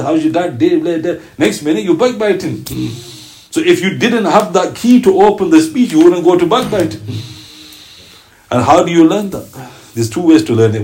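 A man's voice: mid-range voice, rough recording. A man giving a religious lecture, telling stories and acting out the voices of the people he quotes. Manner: animated storytelling, acts out quoted voices. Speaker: Islamic teacher.

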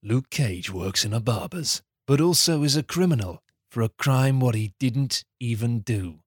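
A man co-hosting a comedy podcast, recapping a plot in a dry, deadpan way. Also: medium pitch, moderate pace, breathy edge, dry recording. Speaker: podcast co-host. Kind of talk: deadpan comic plot summary.

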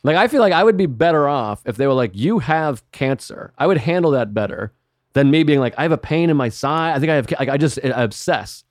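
Male comic guest, rapid rambling anecdotes, dry close mic. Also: on the high side, lively intonation, no echo. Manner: rapid, rambling storytelling with frequent "like". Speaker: comedian guest. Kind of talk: casual podcast chat.

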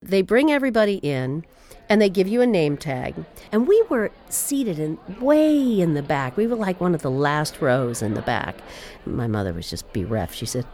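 A woman telling a personal family story in an animated, wry way. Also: low voice, normal speed.

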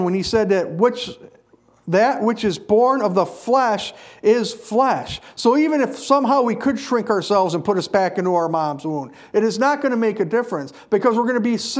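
High-voiced man preaching emphatically. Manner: earnest, emphatic preaching with repeated stresses. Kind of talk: sermon.

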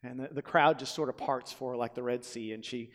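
A man preaching a sermon and telling a story, swinging between loud emphatic lines and hushed ones. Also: medium pitch, steady tone, brisk, big-room sound. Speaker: pastor.

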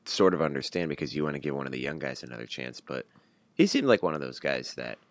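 Very deep gravelly man, casual sports chat. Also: fast talker, no echo. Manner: blunt, wry, builds into animated rants. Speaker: podcast co-host.

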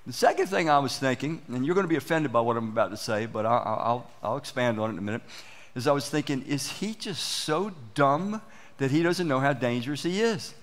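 Lively man preaching a sermon. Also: medium pitch, fairly quick. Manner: animated storytelling, acts out quoted exchanges. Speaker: pastor. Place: church.

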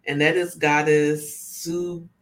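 This woman's voice sits low and barely moves in pitch, and she speaks slowly. As a spiritual oracle card reader in a relaxed live session, she chats freely and frequently checks in with listeners, recorded by a tripod camera lit with a ring light.

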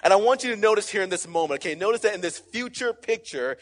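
A young man preaching a sermon as pastor, emphatic and energetic, calling out to the congregation. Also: sits high, fast, few pauses. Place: church sanctuary. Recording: church hall with long reverb.

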